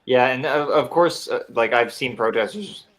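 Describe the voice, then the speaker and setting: A man's voice: mid-range voice, moderate pace, a bit bright, poor audio. A man co-hosting a casual podcast chat, retelling things with a wry, sarcastic edge. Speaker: podcast co-host.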